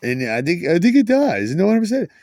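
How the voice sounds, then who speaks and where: A man's voice: sits high, huge pitch swings, quick pace, darkish tone, no echo. A man rambling through a casual story, restarting sentences and swearing freely. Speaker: vlogger.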